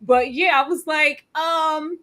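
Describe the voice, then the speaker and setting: A woman from Texas with a Southern accent, chatting animatedly as a podcast co-host. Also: high-pitched. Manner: animated, laughing, drawn-out emphasis. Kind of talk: casual chat.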